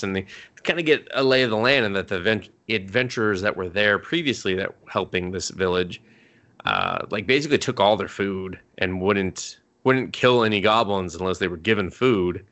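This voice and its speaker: A man's voice: on the low side, lively intonation, normal speed, a bit bright. A man co-hosting a podcast, loosely recapping an anime episode in a rambling, profane, filler-heavy way. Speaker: podcast co-host.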